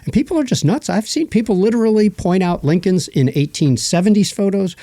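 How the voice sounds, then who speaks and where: A man talks as a guest in a relaxed podcast chat, his voice sitting a little high but sounding mellow and dark. He tells stories with lots of energy, laughs often and drifts into quick asides. The sound is close and dry. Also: no echo. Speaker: guest, battlefield guide and historian. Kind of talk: casual podcast conversation.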